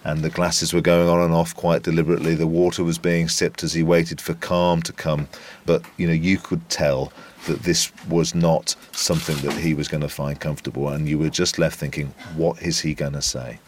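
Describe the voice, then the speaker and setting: A man's voice: very deep voice, little pitch movement, moderate pace, slight background noise. A man working as a reporter, asking questions hesitantly and describing a scene he witnessed. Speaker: reporter and interviewer. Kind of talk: interviewing and eyewitness account.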